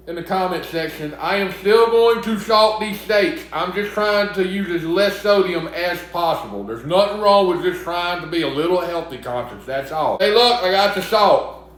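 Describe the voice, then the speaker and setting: Brief: young Southern man with a high voice, cooking vlog, chatty and teasing, very echoey kitchen. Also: normal speed, fairly bright tone. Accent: Southern US (Mississippi). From Mississippi. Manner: chatty, joking, talks back to imagined critics. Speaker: cooking vlogger. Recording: very echoey room.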